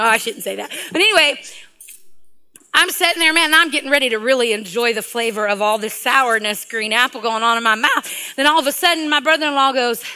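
A middle-aged woman, preaching a sermon and telling a personal story in an animated way, laughing often and swinging from hushed to loud. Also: a little high. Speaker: guest preacher.

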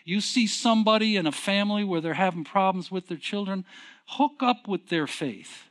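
A middle-aged man preaching a sermon in a conversational way, asking the congregation questions and swinging from quiet, low passages to emphatic, raised ones. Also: normal speed.

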